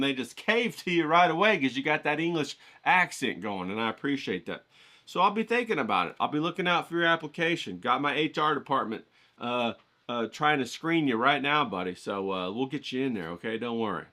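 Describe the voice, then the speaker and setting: A man's voice: mid-range voice, bright, forceful tone. A man hosting an art vlog, rambling and joking in a folksy, casual way. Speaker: art channel host. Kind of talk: casual vlog talk with drawing tips.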